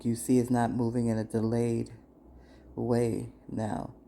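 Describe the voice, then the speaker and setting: A woman's voice: very deep voice, monotone, unhurried, warm tone. A woman podcast host giving an emphatic, repetitive motivational spiritual monologue. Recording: noisy screen recording.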